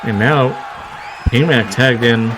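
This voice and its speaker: Excitable man calling wrestling play-by-play. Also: medium pitch, slow pace. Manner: excitable, frequent exclamations and wry asides. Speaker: wrestling commentator. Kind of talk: live play-by-play commentary. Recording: clear crowd noise and background noise.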